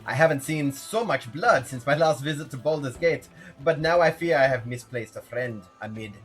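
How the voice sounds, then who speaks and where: A man's voice: mid-range voice, expressive, normal speed, a bit bright, faint music behind, voice pushed up, close to an everyday voice. A man voicing a flamboyant, boastful male wizard chronicler who fumbles with fillers in a tabletop game. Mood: grandiose. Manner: theatrical, fumbling with many fillers.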